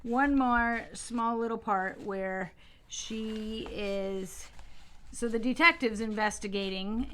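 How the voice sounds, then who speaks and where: A woman librarian recommends a novel she loved, talking in a chatty, eager way. Her voice sits in an ordinary middle range. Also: medium pitch. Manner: enthusiastic, chatty. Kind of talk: book talk, reading aloud.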